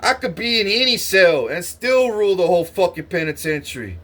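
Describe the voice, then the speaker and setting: A man's voice: sits high, lively intonation, brisk, bright, forceful tone. Swaggering, threatening man ranting. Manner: repeats himself with stuttered restarts. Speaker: vlogger. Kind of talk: angry boastful rant to camera.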